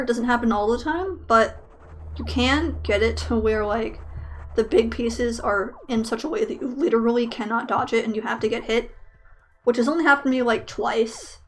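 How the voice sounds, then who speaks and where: A young woman casually commentating her own speedrun, rambling with lots of fillers and self-deprecating jokes. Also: a little high.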